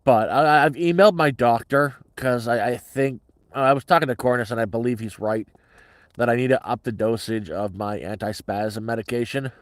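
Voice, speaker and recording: A man's voice: mid-range voice, moderate pace, no room sound. A middle-aged man telling a story on a casual livestream in a blunt, heavily profane, agitated way.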